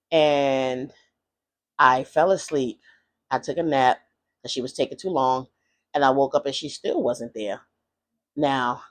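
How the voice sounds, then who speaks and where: A vlogger telling a personal story in a rambling, hesitant way, full of fillers and restarts. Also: male voice, mid-range voice, a bit bright.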